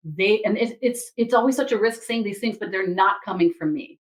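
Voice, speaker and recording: A woman who reads Akashic Records, telling a story from a session in a casual, animated way and acting out the people in it. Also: mid-range voice, brisk, hardly any pauses, rough recording. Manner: animated, quotes others and herself in lively asides.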